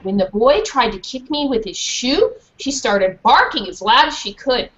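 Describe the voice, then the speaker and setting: A woman's voice: a little high, moderate pace, few pauses. A woman, a children's author, reading a storybook aloud in a school classroom and asking the class questions. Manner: animated, asks the class questions. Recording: dull lo-fi recording.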